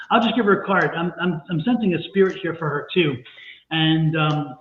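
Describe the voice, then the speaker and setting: A man who reads tarot and does psychic work speaks at normal speed on a live stream, earnestly reassuring a viewer and saying things more than once. The audio is echoey and phone-like, thin with faint noise, and his pitch runs a little high.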